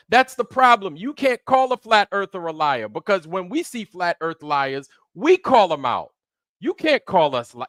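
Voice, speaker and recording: A man rants into a close mic on his own livestream, hammering the same points over and over with a stream of profanity. His voice sits a little high and swings widely in pitch as he gets heated. The sound is dry, with no room around it. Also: a bit bright, dry recording. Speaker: livestream host. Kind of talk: angry livestream rant.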